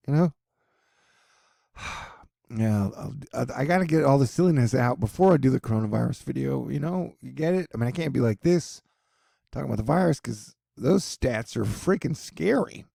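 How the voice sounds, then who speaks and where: A man rambles through joking weather commentary in a gravelly, husky voice. His tone is dark and mellow, recorded close and dry with no room sound. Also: mid-range voice, animated, a little fast, dry recording. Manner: joking, rambling, many asides. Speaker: weather and news video host.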